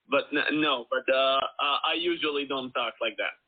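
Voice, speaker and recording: A man's voice: medium pitch, normal speed, few pauses. A playful man talking as a guest musician, joking loosely through a casual chat. His voice sits mid-range and sounds thin, as if over a phone line.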